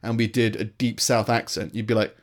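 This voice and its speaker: A man's voice: on the low side, little pitch movement, fairly quick. A British man co-hosting a podcast in casual chat, rambling, searching for words and laughing often. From Britain. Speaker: podcast co-host.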